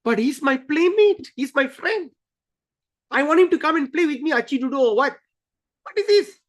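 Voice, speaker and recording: A man's voice: very high-pitched, animated, moderate pace, a bit bright, pitched above the performer's own voice. A man voicing a playful, innocent cowherd boy who pleads with his divine friend to come and play. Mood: eager, insistent.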